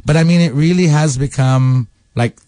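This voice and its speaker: A man's voice: on the high side, normal speed, crowd noise. A man being interviewed as a stage actor and singer in a radio studio, chatty, self-mocking and laughing often. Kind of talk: casual interview chat.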